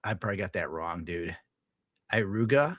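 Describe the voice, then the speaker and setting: A man's voice: mid-range voice, expressive, normal speed, pushed and bright, dry recording. A man livestreaming, reading chat and ranting in a rambling, profane way with frequent laughs. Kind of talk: casual livestream rant.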